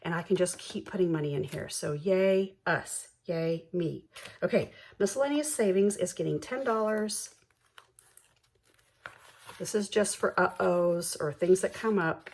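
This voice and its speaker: Soft-spoken woman counting cash aloud. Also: fairly low pitch, lively intonation. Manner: counts bills aloud slowly, bubbly and self-deprecating. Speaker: budgeting channel host.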